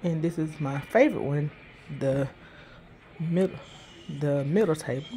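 A woman's voice: low voice, a little slow, warm tone, a little hiss or hum. Chatty woman vlogging at home. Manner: chatty, addresses viewers as y'all, repeats herself. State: stuffy nose. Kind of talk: casual home vlog talking to viewers. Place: living room at home.

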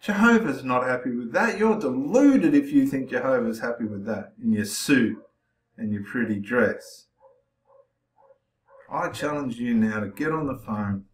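A man's voice: medium pitch, animated, a little slow. Impassioned male preacher in an echoey room. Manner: confrontational, challenging the listener directly. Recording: roomy echo.

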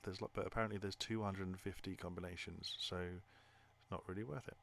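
A man's voice: low voice, fairly even intonation, a little fast, background noise. A man thinking aloud while playing a game, hesitant and muttering to himself. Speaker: gamer. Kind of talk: playthrough commentary.

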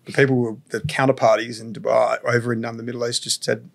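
Male founder guest, measured and explanatory, mid-pitched. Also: level tone, vocal fry. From Australia. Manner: measured, explains at length with frequent "you know" and "like". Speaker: entrepreneur guest. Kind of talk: reflective podcast interview.

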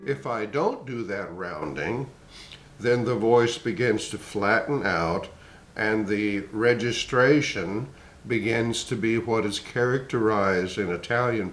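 A man in his sixties, a voice teacher explaining and demonstrating vocal warm-ups in a measured, explanatory way. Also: fairly low pitch, reverberant. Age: 60s. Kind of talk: singing lesson demonstration.

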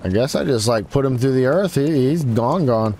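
A man's voice: normal speed, a little mellow, a little hiss or hum. A man commentating his own gameplay, taunting enemies and his voice shooting up when frustrated. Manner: trash-talks enemies, voice jumping high when frustrated. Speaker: gaming YouTuber. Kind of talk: let's play commentary. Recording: game sounds behind voice.

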